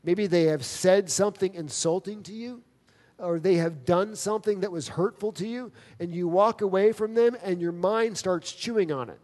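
Pastor, male, slightly high voice, earnest emphatic sermon delivery, long hall reverb. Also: darkish tone. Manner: earnest, emphatic preaching with dramatic pauses.

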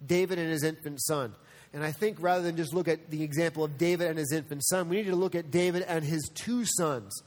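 A man preaching a sermon as a pastor, earnest, moving between soft asides and animated stretches. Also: fairly high pitch, brisk, big-room sound.

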